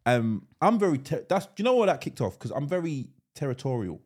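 A man's voice: fairly high pitch, very animated, fairly quick, a little mellow, breathy edge. A man co-hosting a casual podcast, laughing often and repeating himself as he talks. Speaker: podcast co-host. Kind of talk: casual chat.

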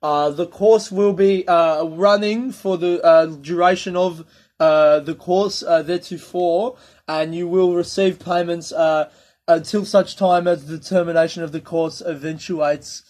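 A man imitating a pompous male official who over-explains in slow, formal, stumbling phrases. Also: fairly high pitch, steady tone, a little mellow, natural voice. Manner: slow, wordy, formal, full of ums.

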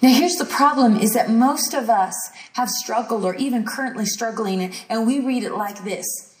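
A woman's voice: fairly high pitch, normal speed, recorded from a distance. A woman teaching a sermon-style lesson with emphatic, declarative delivery. She leans on repeated phrases, and her voice carries through a roomy, echoing space. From rural ranch country. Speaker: teacher at a healing school.

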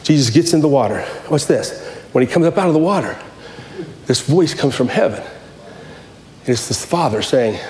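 Male pastor, high voice, passionate repetitive preaching, echoey room. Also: lively intonation, a little fast, darkish tone. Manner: impassioned, repetitive preaching with restarts. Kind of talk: sermon.

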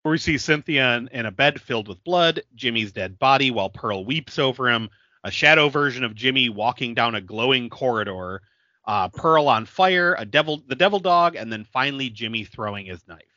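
A man's voice: medium pitch, expressive, moderate pace, bright, forceful tone, dry recording, highs cut off. A man co-hosting a podcast, recapping a film in casual chat, laughing often and filling his talk with "like". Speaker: podcast co-host.

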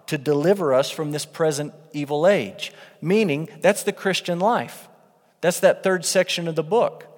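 Man, pastor, animated sermon, bible teaching, reverberant church hall. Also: medium pitch. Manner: animated Bible teaching, reading scripture aloud and acting out quotes.

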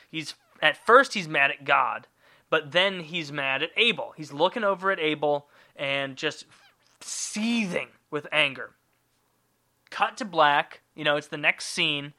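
A man's voice: fairly high pitch, pushed and bright. A man hosting a podcast, retelling a story in a profane, irreverent and rambling comedic way. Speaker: podcast host.

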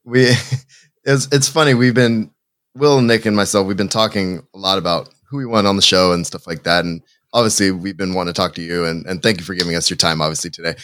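A man's voice: low-pitched, steady tone, a little fast, fairly bright tone, dry recording, clean studio sound. A man hosting a podcast interview, speaking with enthusiasm and often repeating his words. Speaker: podcast host. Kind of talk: conversational interview.

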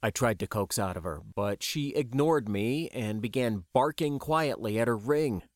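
A man narrating a science-fiction audiobook in a measured, even storytelling voice. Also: mid-range voice, no room sound, clean studio sound.

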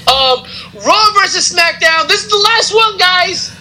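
A man's voice: very high voice, expressive, unhurried, a crowd in the background, rough recording. A man hosting a podcast, giving a rambling, casual recap with lots of fillers and chuckling asides. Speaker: podcast host. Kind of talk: casual wrestling recap chat.

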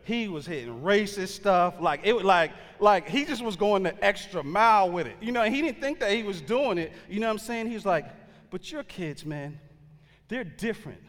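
A man's voice: high-pitched, lively intonation, brisk, few pauses, fairly bright tone, in a large hall. A man preaching a sermon, telling a story in a loose, conversational way with slang and frequent fillers. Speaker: pastor.

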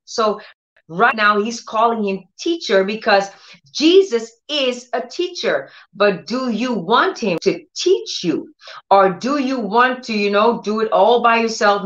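A woman's voice: on the high side, lively intonation, a little slow, a bit bright, echoey room, highs cut off. A woman preaching a conversational sermon on her own channel, earnest and repetitive, with many restarts and direct questions to her listeners. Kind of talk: conversational sermon with Bible reading.

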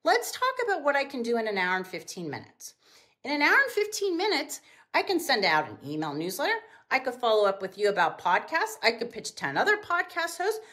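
A middle-aged woman, a business owner guest on a podcast, telling casual stories and acting out quotes with big jumps in pitch. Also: huge pitch swings, a little fast, bright, forceful tone. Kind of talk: casual storytelling in an interview.

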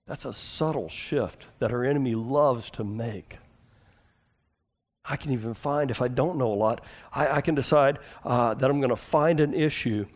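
A man preaching a sermon as a pastor, conversational, asking the congregation questions and moving between emphatic and hushed delivery. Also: mid-range voice, brisk.

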